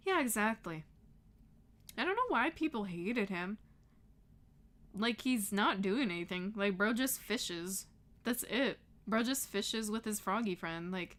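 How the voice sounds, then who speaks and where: A twenty-two-year-old woman livestreamer reads chat while ranting heatedly yet casually, swearing often and laughing between lines. Her voice is mid-range and a bit bright, animated, at a moderate pace.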